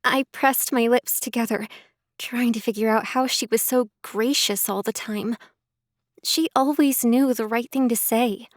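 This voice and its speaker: Slow, higher-pitched woman audiobook narrator. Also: fairly even intonation, no room sound, clean studio sound. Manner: emotional, tearful reading. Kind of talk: first-person audiobook narration.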